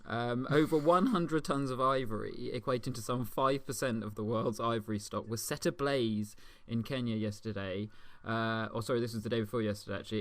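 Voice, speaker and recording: A man's voice: mid-range voice, dry recording. A man co-hosting a satirical news comedy podcast, talking in a rambling, giggly way with lots of fillers. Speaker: podcast co-host.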